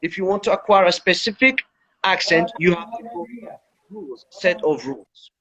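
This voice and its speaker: A man's voice: sits high, animated, moderate pace, sharp tone. A man who teaches English explains things step by step as the guest of an Instagram Live chat. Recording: dull lo-fi livestream audio.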